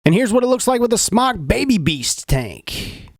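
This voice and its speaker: A man's voice: sits high, big pitch swings, normal speed, slightly rough, dry recording, clean studio sound. A man giving a casual, slangy product review, talking the viewer through a device.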